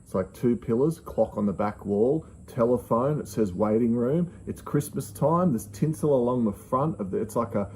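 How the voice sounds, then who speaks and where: A man tells a personal story casually, acting out his own thoughts in hushed asides. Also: mid-range voice, animated, moderate pace, few pauses, a little hiss or hum, low-quality recording. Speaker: channel host.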